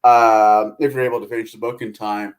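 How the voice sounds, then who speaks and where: A man's voice: on the low side, little pitch movement, a little fast, smooth. A man co-hosting a casual chat, telling stories and laughing as he talks.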